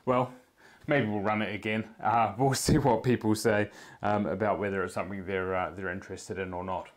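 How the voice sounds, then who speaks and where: A man's voice: on the low side, steady tone, moderate pace. A man with a New Zealand accent hosting a live-streamed prize draw. He chats in an easygoing way with viewers in the chat while he works.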